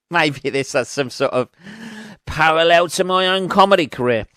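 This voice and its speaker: A man's voice: fairly high pitch, normal speed, fairly bright tone, clean tone, no echo, clean studio sound. A man hosting his own podcast as a comedian, rambling in a sweary, self-mocking way. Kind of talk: rambling casual monologue. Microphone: studio podcast mic.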